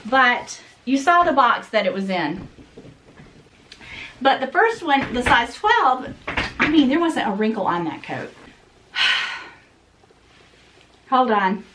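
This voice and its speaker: A middle-aged woman chatting to camera during an unboxing, animated and exasperated, talking straight to her viewers. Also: a little high, slow pace, pauses often, noisy background. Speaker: fashion vlogger. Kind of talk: casual unboxing chat to camera.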